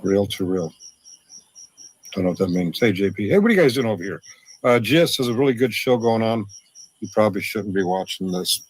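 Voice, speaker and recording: A man speaking defensively and haltingly on a replayed stream. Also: lowish voice, expressive, slightly rough, no room sound, poor audio. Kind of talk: defensive live-stream talk.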